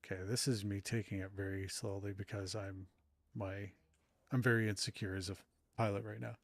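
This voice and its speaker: A man's voice: lowish voice, little pitch movement, moderate pace, no room sound. A middle-aged man chatting casually with his live-stream audience while playing, self-deprecating and rambling. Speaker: streamer and author.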